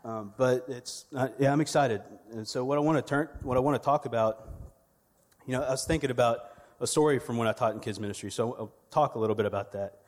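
A man's voice: mid-range voice, quick pace, a little mellow. Man preaching in a reverberant church. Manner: conversational, humorous, storytelling. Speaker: church media director preaching. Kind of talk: sermon. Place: church sanctuary.

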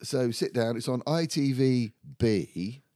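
In a casual chat, a man with a warm, mellow, medium-pitched voice tells a story slowly, swearing freely and acting it out with energy. The sound is close and dry, with no room sound.

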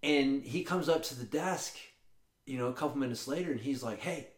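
A man co-hosting a podcast, telling stories in a casual, profane, animated way. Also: medium pitch, fairly quick. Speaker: podcast co-host. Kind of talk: casual chat, storytelling. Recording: roomy echo.

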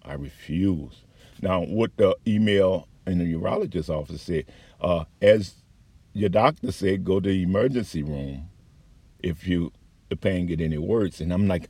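A man's voice: low-pitched, a little slow, dark tone, husky, dry recording. A man giving a heated, profane, rambling account of his complaints as a patient. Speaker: patient telling his story. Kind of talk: angry personal account.

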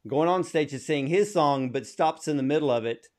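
A man's voice: a little high, a little fast, darkish tone. A man hosting a casual podcast interview, asking long, conversational questions with frequent restarts. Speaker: podcast host.

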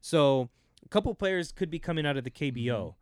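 Smooth-voiced laid-back podcast host. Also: male voice, a little high, expressive, a little fast, dry recording, studio quality. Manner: laid-back, repeats phrases, laughs often. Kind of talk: casual chat.

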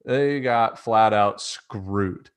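A man's voice: fairly low pitch, extremely slow, smooth. A man hosting a casual sports podcast, talking in a rambling way full of fillers and often laughing. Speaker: podcast host.

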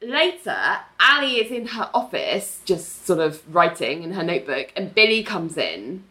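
Woman, bright forceful voice, casual chat, animated retelling, acts out quotes. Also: lowish voice, normal speed. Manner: animated retelling, acting out characters' lines. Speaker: podcast co-host recapping a TV episode.

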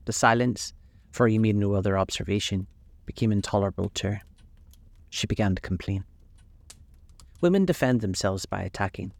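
A man narrates a classic novel in a calm, measured bedtime reading. His voice sits low with a gravelly edge. The close microphone leaves the sound dry, with no room around it. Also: no room sound.

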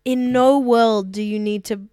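Playful woman, a bit high. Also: steady tone, a little slow, warm tone, smooth, no echo, studio quality. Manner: gushing, playful, swears casually. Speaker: podcast co-host. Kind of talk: casual chat.

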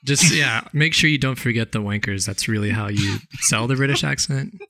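A man's voice: mid-range voice, moderate pace, bright, forceful tone, no room sound. A man co-hosting a podcast, teasing in a dry way. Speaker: podcast co-host. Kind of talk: casual chat.

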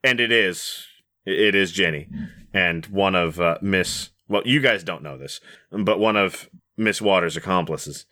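Brief: man narrating a tabletop game as GM, bright voice, loose profane delivery. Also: low-pitched, unhurried. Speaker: game master.

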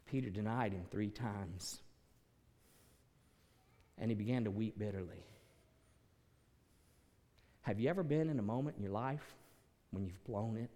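A male pastor preaching a sermon, swinging from quiet, earnest passages to loud, dramatic peaks. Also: medium pitch, long reverb tail.

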